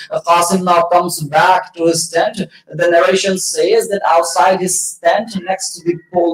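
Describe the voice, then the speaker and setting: A male preacher telling a sorrowful story in a mourning sermon, slow and grieving, rising to shouted lament. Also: sits high, steady tone. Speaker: Islamic preacher. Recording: echoey hall, mic at a distance.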